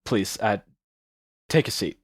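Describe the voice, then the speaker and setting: A man voicing a composed, serious village woman who mentors a young singer, speaking in a measured, quiet way. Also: on the low side, lively intonation, breathy edge, no room sound, clean studio sound, voice pushed down, exaggerated voice. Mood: grave.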